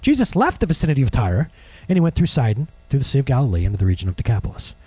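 A man preaching a sermon as a pastor, conversational and animated, with jokes and asides to the congregation. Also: mid-range voice, very fast, breathy edge, dry recording, low-quality recording.

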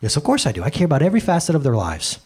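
A pastor in his thirties preaches a sermon into a handheld microphone, his slightly high, slightly rough voice racing along. He is animated, swinging between loud bursts and quiet asides and acting out the voices he quotes.

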